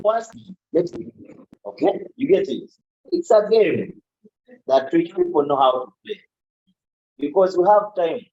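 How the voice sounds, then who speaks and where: Slow-paced man lecturing law. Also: on the high side, dark tone, husky. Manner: explains slowly, with frequent "okay?" checks and asides. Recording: dull, lo-fi classroom recording.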